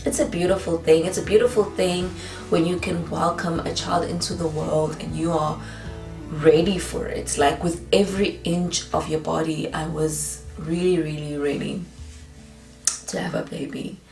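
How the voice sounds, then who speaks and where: A young woman telling a personal story in a slow, hesitant way, with many pauses and fillers. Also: deep voice, fairly even intonation, vocal fry, darkish tone. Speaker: vlogger. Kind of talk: emotional storytime vlog. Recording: roomy echo, a bit off the mic, faint music.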